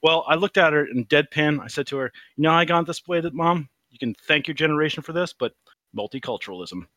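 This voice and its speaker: A man's voice: on the high side, fast, fairly bright tone, no room sound. A man in his forties calling in to a show and telling a story about his mother, laughing at his own jokes. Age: 40s. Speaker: caller. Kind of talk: casual call-in chat. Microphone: call over voice chat.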